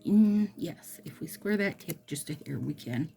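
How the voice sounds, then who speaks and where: A woman chatting casually as she does her nails, gushing and trailing into soft murmurs, with faint music behind. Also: low-pitched, lively intonation, measured pace, vocal fry, few pauses. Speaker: nail product vlogger. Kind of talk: casual chat while doing nails.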